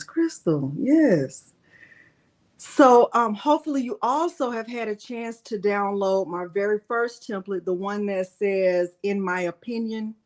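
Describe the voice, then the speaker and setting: A retired woman, hosting a live crafting Q&A and chatting warmly with viewers by name. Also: mid-range voice. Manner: chatty, greets viewers by name, playful fussing. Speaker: crafting livestream host. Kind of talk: live Q&A chat, reading viewer comments.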